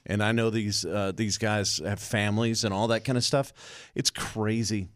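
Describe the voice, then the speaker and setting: A man, co-hosting a casual podcast and speaking earnestly with halting restarts. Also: fairly low pitch, fairly even intonation, fairly bright tone, no echo, studio quality. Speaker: podcast co-host.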